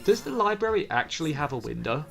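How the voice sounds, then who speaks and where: Gravelly man rambling over gameplay. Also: a little high, sing-song, fast talker, fairly bright tone, soft background music. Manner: rambling, jokey, often restarts sentences. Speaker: gameplay commentator. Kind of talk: casual let's-play commentary. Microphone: close microphone.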